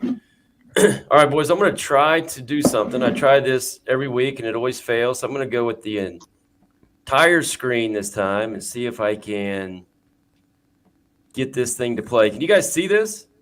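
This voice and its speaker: A man's voice: mid-range voice, normal speed, a bit bright. A man hosting a live video call show, easygoing, reading viewer questions and fiddling with screen sharing. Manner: easygoing, reads chat questions aloud. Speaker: host. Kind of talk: casual live show chat.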